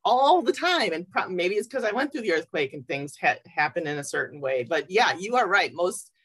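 A woman guest in a casual interview, talking in a lively, reflective way with a husky voice. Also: lowish voice, normal speed. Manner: lively, reflective, laughs easily.

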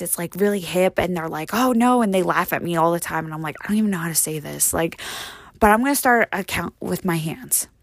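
A woman's voice: on the low side, no echo. Woman, young adult, brash profane rant, rambling fillers, dry close mic, no room sound. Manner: brash, rambling, heavy on "like" and "you know". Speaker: comedic monologue performer.

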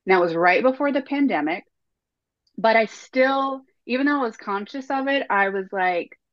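A woman in her thirties telling her story as a podcast guest, animated, acting out her own past self-talk in quoted lines. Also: a little high, normal speed, no room sound, muffled recording. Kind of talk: candid storytelling interview.

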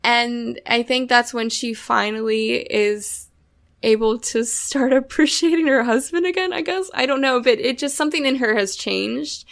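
A woman's voice: a little high, moderate pace, gravelly, fairly bright tone. A woman co-hosting a podcast, chatting casually about a film with many hedges and fillers. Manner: hedging, lots of "like" and "um". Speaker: podcast co-host.

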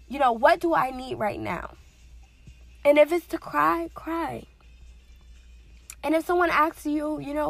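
A woman's voice: high voice, normal speed, creaky, long pauses, no echo, faint music behind. A woman in a casual, earnest motivational talk, speaking conversationally with many fillers and repetitions.

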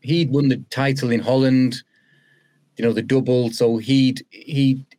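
British man telling a lively story. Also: medium pitch, unhurried. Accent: British English. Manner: animated, acts out quoted dialogue. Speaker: podcast guest, former footballer. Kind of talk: conversational storytelling.

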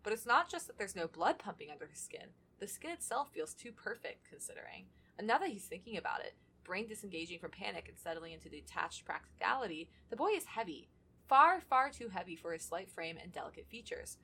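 A woman's voice: medium pitch, very animated, brisk, sharp tone, slight background noise. A woman co-hosting a podcast, reading fan fiction aloud between chatty, laughing asides and casual swearing. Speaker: podcast co-host.

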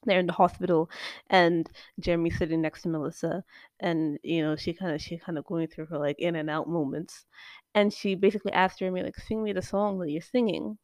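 A woman's voice: on the low side, steady tone, fairly quick, a little mellow, no room sound, studio quality. A woman co-hosting a casual movie-review podcast, telling the story chattily and jumping in to correct details. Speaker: podcast co-host.

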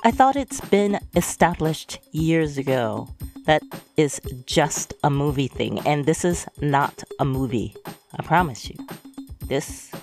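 A woman's voice: sits low, big pitch swings, takes it slowly, a little mellow, faint music behind, full character voice. A woman voicing a brash older woman who teases and laughs between her words. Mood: exasperated. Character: bold, brash older woman, giggly and sassy.

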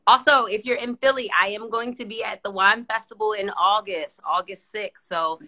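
A woman's voice: mid-range voice, fairly even intonation, moderate pace, pushed and bright. A woman guest in a casual live-stream chat, talking emphatically and often repeating herself for stress. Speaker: guest, wine company founder.

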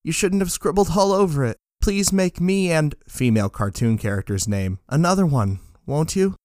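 A man voicing a young groom who speaks in a soft, soothing, coaxing way to a nervous friend. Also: fairly high pitch, animated, moderate pace, no room sound, clean studio sound, voice pushed up, lightly acted. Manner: hushed, coaxing, gentle.

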